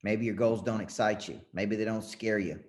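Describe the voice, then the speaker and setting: Brief: man with a lower voice, a coach who rallies the audience with short, punchy lines. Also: fairly even intonation, moderate pace. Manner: punchy, rallying, addresses audience as folks. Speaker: motivational coach. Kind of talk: motivational talk show.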